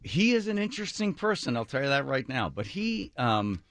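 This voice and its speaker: A man's voice: mid-range voice, moderate pace, no echo. A man hosting a radio talk show, telling a personal story and acting out what others said. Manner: animated, acts out quotes of others. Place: radio studio.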